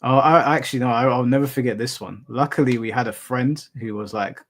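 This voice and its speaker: A man's voice: medium pitch, a little fast, a bit bright. A young adult man hosting a live stream, chatting casually with viewers and telling rambling anecdotes with casual swearing.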